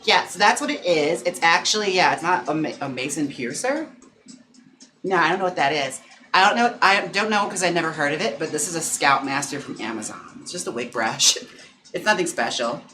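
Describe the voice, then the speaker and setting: Campy bright-voiced drag queen livestreaming. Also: fairly high pitch, animated, a little hiss or hum. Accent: Wisconsin. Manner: campy, dramatic, quick gasps and sassy asides. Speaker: drag queen and wig stylist streaming live. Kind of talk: casual livestream chat. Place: home.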